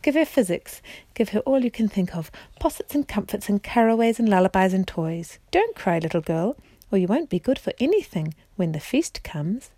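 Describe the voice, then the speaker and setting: A woman voicing a fussy, shrill giant queen while reading a storybook aloud. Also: very animated, normal speed, mellow, no echo.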